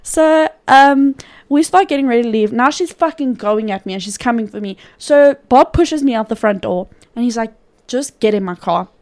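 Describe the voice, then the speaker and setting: A woman co-hosting a podcast, telling a story casually with lots of swearing and frequent laughter. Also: fairly high pitch. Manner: profane, animated, laughs often. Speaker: podcast co-host.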